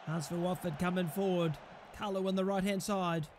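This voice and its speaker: A young man commentating on a football management game, swearing a lot, yelling at his players and panicking. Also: sits high, fairly even intonation, normal speed, background noise. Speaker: gaming channel host.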